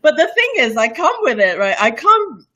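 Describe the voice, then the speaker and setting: A woman's voice: high voice, big pitch swings, moderate pace, bright, forceful tone, lo-fi sound. Brief: young woman from Borneo, blended international English accent, rambly and laughing, interview guest. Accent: mixed international English. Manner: rambling, many fillers and restarts, laughs often. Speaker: cooking show host, guest. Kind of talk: casual interview chat.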